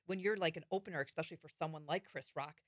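A woman's voice: sits low, very fast, no room sound, studio quality. A woman with a Wisconsin accent, a comedian and guest, talking easily in casual chat with frequent ums.

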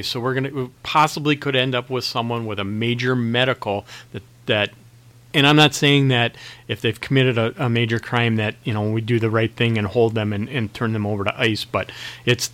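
Halting middle-aged male sheriff. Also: mid-range voice, a bit bright. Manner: halting, many restarts and fillers. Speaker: county sheriff. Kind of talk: radio interview answers.

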